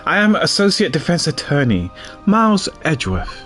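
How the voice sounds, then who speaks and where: A man voicing a stern, dry male prosecutor with measured delivery in game dialogue. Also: a little high, very animated, fairly bright tone, faint music behind.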